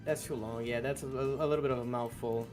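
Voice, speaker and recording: A man's voice: mid-range voice, fairly even intonation, darkish tone, faint music behind. A man co-hosting a podcast in casual chat, often stumbling and restarting as he talks. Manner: halting, restarts, teasing.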